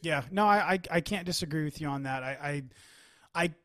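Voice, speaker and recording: A man co-hosting a casual sports chat, talking in animated bursts with frequent restarts. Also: a little high, a little fast, dry recording, studio quality. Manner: animated, quotes others, many restarts.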